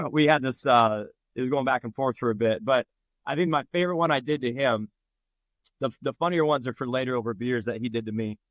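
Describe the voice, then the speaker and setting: A man's voice: medium pitch, brisk, no room sound. A man from Nebraska, a firefighter guest, telling a story in casual chat and acting out the people in it. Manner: animated, acts out quoted voices.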